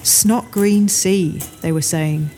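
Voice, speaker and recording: A woman puts on a brash, chatty woman who swears freely and teases her friend. The voice sits low and warm. Faint music plays under the reading. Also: moderate pace, lightly acted. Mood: storytelling. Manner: blunt, swearing, teasing. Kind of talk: audiobook character voice.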